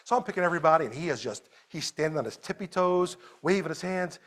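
A man preaching a sermon as a pastor at a church service, animated, moving between loud exclamations and quiet storytelling. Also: a little high, fast talker, hardly any pauses.

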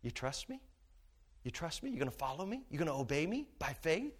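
A man preaching, voicing the Lord as a gentle, coaxing figure in a hushed, low voice. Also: big pitch swings, fairly quick.

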